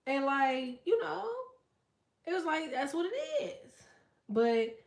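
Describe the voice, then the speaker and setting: A woman hosting a casual livestream, telling stories in a loud, profane, animated way and reading out chat comments. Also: high voice, takes it slowly, gravelly, echoey room. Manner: profane, animated storytelling with quoted voices.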